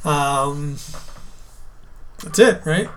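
A man's voice: on the high side, lively intonation, very slow, a bit bright. A man co-hosting a podcast in casual chat, teasing and joking, with frequent laughs. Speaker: podcast co-host.

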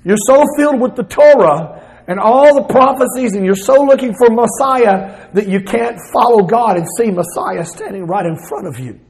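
A middle-aged man with a Southern accent preaching a sermon, expressive, at times acting out the words of Jesus. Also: high voice, normal speed, poor audio. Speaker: pastor.

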